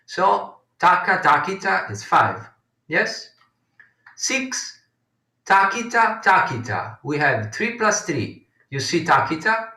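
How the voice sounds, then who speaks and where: A man leads a live konnakol rhythm lesson, counting beats aloud in a slow, unhurried way. His voice has a bright edge and sits a little away from the mic in a roomy space. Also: on the high side, big pitch swings, creaky. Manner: counting beats aloud, patient explaining with frequent fillers. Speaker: konnakol workshop teacher. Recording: roomy distant mic sound.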